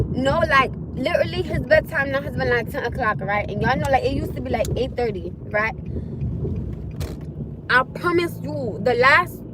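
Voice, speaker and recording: A woman's voice: high-pitched, very noisy. A young woman livestreaming from her car, chatting to her viewers and yelping in alarm at the road ahead. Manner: animated, swears and shrieks in alarm at the road; talks straight to viewers. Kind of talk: casual livestream chat.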